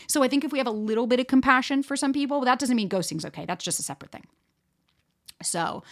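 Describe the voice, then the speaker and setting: A woman's voice: on the high side, expressive, fast. A young woman hosting a solo dating-advice podcast, talking frankly and swearing freely as she speaks straight to her listeners. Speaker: dating coach podcast host. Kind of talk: casual solo podcast talk.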